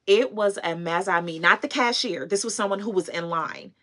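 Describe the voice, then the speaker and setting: A woman's voice: mid-range voice, moderate pace, fairly bright tone. A woman vlogger telling a heartfelt story on a livestream, earnest and emotional, breaking into laughs and chatting with viewers. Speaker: fashion and consignment vlogger.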